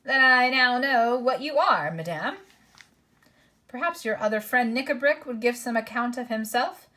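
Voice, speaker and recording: Lady reading a sharp old doctor guy, dry and polite, storybook. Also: fairly high pitch, animated, normal speed, voice pushed up. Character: shrewd old male scholar, dry and courteous.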